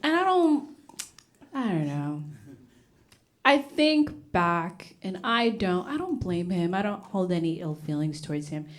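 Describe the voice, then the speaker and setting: On stage before a live audience, a young Ugandan woman performs stand-up with a brash, punchy delivery and laughs between her jokes. Her voice sits on the low side, swings widely in pitch, and moves a little slowly.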